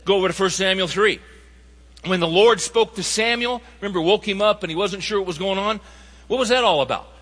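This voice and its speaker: A man's voice: sits high, brisk, a bit bright. A man preaching a sermon, emphatic and asking the audience rhetorical questions. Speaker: pastor. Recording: reverberant hall sound.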